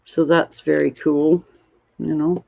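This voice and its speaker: A woman's voice: deep voice, flat delivery, creaky, a little mellow. A tired woman hosting a casual livestream while crafting, rambling and greeting viewers from chat. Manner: slow, rambling, reads chat aloud. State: tired, yawning. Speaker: livestream host. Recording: dull lo-fi stream audio.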